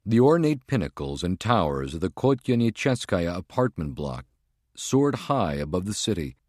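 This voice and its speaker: A man giving a measured, deliberate scripted narration of an audiobook. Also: low-pitched, mellow, dry recording, clean studio sound.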